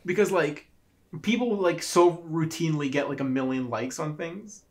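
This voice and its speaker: A man's voice: on the high side, normal speed. A man in casual podcast chat, rambling through stories with frequent restarts. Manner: rambling, laughing storyteller. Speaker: podcast co-host.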